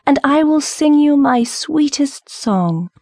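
A woman voicing a small, brave female nightingale in an audiobook, high and imploring. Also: lively intonation, takes it slowly, a little mellow, no room sound, studio quality, heavily acted. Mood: pleading. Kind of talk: audiobook character reading.

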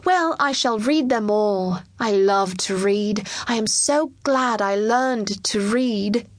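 A woman's voice: mid-range voice, takes it slowly, no room sound, studio quality, lightly acted. A woman voicing an eager, cheerful little boy king in a children's storybook reading. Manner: excited, bookish.

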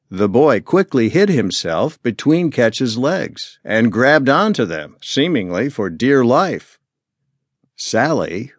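A man narrating an audiobook with measured, expressive storytelling. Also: mid-range voice, no echo, studio quality. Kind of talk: scripted narration.

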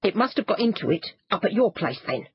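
A woman voicing an indignant, gruff carpet seller who blusters and shouts. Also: a little high, lively intonation, a little slow, highs cut off, pitched above the performer's own voice. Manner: blustering, loud, dropped-g slang.

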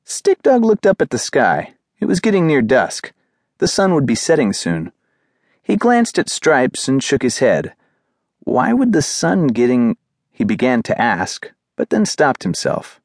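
A man narrating a children's audiobook with expressive storytelling. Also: mid-range voice, measured pace, dry recording, clean studio sound.

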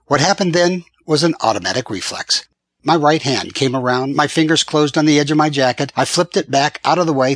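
A man reading a western audiobook as a first-person narrator, with measured, steady storytelling. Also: mid-range voice, breathy edge, no echo.

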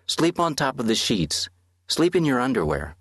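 A man voicing a seven-year-old boy in an audiobook, a gentle older brother telling a soft, reassuring bedtime tale. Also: mid-range voice, very animated, normal speed, husky, no room sound, clean studio sound, pitched above the performer's own voice.

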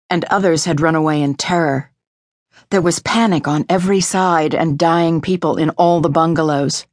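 Woman audiobook narrator, low voice, measured and expressive, dry close studio sound. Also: dry recording.

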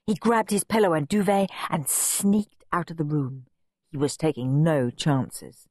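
A woman reading a children's storybook aloud, expressive and playful. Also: low voice, unhurried, dry recording, studio quality. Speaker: audiobook narrator. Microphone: close studio mic.

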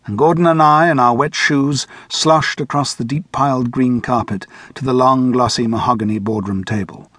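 A man narrating an audiobook in the first person, measured and steady, close to the mic. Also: medium pitch, dry recording. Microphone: close studio mic.

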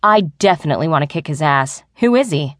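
A woman's voice: low-pitched, animated, fast talker, a bit bright, no room sound, clean studio sound. A woman narrator voicing Buddy, a swaggering, slang-talking male coworker, in an audiobook. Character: laid-back swaggering young man coworker.

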